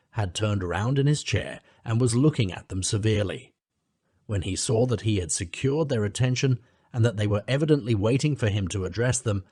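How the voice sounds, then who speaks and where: A man reading a children's classic aloud as an audiobook narrator in measured storytelling. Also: fairly low pitch, a little mellow, breathy edge, no echo, clean studio sound. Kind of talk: scripted narration.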